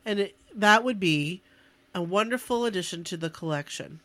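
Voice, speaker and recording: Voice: mid-range voice, lively intonation, normal speed, fairly bright tone, no room sound. A co-host in a casual podcast chat, giving playful, teasing short replies.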